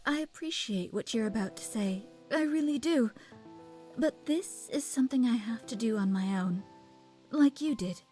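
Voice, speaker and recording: A man voicing a gentle, proud young woman from a visual novel, speaking softly and slowly. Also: extremely high pitch, lively intonation, faint music behind, voice pushed up.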